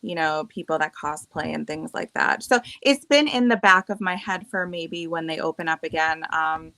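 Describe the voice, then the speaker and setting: Chatty woman from massachusetts, low-ish bright voice, laughs a lot. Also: moderate pace, gravelly, dry recording. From Massachusetts, USA. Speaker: writer and artist on a panel. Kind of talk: casual chat.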